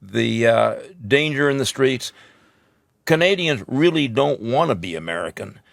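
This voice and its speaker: A man in a podcast debate, measured and calm as he pushes back on a point. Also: medium pitch, gravelly, dry recording, studio quality. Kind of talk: casual debate.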